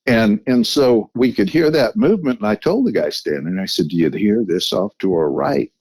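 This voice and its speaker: A man's voice: lowish voice, animated, moderate pace, vocal fry, darkish tone, breathy edge, no room sound. A man telling a story as a podcast guest, with restarts and frequent "you know"s.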